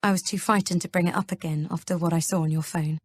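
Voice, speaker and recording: A woman reading a gentle, worried young husband. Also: on the low side, fairly even intonation, fast, no room sound, lightly acted. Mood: earnest. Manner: soft, hesitant pleading. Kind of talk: audiobook character reading.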